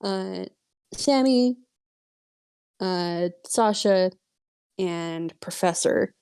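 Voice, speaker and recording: Slow, mellow-voiced woman game master. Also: medium pitch, smooth, dry recording. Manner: slow, hesitant narration full of filler uhs. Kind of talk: narrating a tabletop game.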